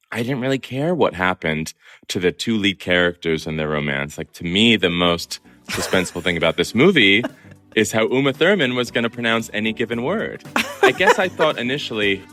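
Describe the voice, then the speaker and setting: A man answers interview questions in a very low voice with a bright, forward edge. His delivery is wry and chatty, and faint music sits beneath him. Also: lively intonation, moderate pace. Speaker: journalist guest. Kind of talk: interview over a remote line.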